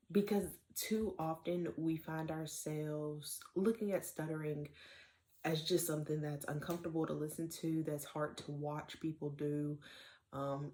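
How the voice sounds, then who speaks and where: Young woman, low voice with some fry, earnest student reflection, lots of ums. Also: dark tone. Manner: earnest, many um fillers. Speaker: student clinician. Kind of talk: spoken book reflection.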